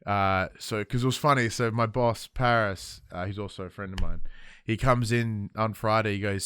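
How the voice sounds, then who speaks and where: Australian man, podcast host, casual chat, smooth clear voice, dry close sound. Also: fairly low pitch, normal speed, dry recording. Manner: animated storytelling with acted-out quotes.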